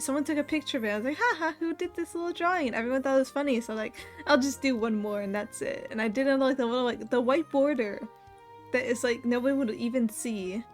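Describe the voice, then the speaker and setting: Chatty young woman streamer, slightly high voice. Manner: laughs often while telling a story, animated quoting of others. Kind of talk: casual chat.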